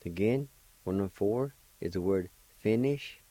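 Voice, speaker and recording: A man hosting a radio language lesson, spelling and pronouncing each word slowly and patiently, repeating it several times. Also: lowish voice, animated, warm tone, no echo, low-quality recording. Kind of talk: slow spelling and pronunciation lesson.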